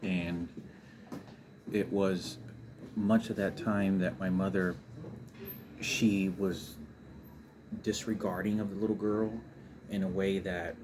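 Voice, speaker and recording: A man with a very low voice tells a family story in a rambling, emotional way, restarting sentences often. Clear background ambience hums behind him throughout. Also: fairly even intonation, slow pace, long pauses, background noise. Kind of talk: personal storytelling monologue.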